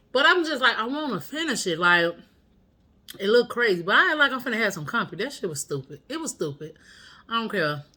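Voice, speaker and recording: A woman's voice: mid-range voice, sharp tone. A woman vlogger telling a story at home, candid and profane in a casual, chatty way.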